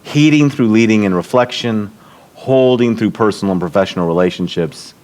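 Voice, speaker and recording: Speaking at a church leadership event, this middle-aged man tells warm personal stories in a voice on the low side. His pace is a little fast. He acts out quotes by raising his voice, and the talk is a storytelling one.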